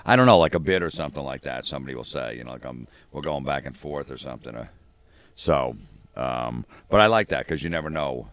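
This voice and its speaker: A comedian with a very deep, low voice talks through his stories deadpan, voicing the other people in them. The sound is dry and close, with no room around it. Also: a little fast, no echo. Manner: deadpan storytelling, acts out dialogue. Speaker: comedian guest. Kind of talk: casual interview chat.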